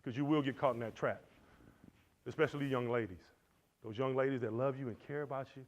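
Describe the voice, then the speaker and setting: A man teaching at a Christian men's conference, animated and preacherly, swinging between loud and soft. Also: mid-range voice, brisk. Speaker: conference speaker. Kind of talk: motivational church teaching. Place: lecture hall. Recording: dull lo-fi recording.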